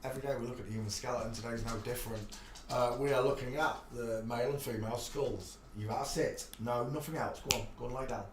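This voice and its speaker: A man's voice: mid-range voice, steady tone, quick pace, hardly any pauses. Chatty man in an echoey room. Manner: chatty, laughs often, talks loosely in asides. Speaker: livestream host. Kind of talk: rambling live stream chat. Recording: echoey room, faint background noise.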